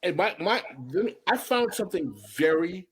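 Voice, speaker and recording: Animated middle-aged male podcast host. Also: high voice, normal speed. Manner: emphatic and animated, repeats himself, tells stories. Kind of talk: casual podcast chat.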